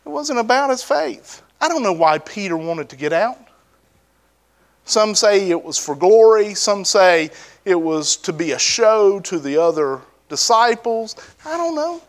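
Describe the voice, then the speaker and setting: A man preaching a sermon in a conversational way, often asking rhetorical questions and swinging between high emphatic bursts and low, soft asides. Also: sing-song, unhurried.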